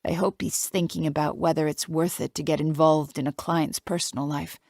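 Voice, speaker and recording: A woman narrating a suspense audiobook in the first person, her low voice tense and confiding. The recording is dry and close, with no room around it. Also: fairly even intonation, normal speed, a little mellow, dry recording. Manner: tense, confiding inner monologue.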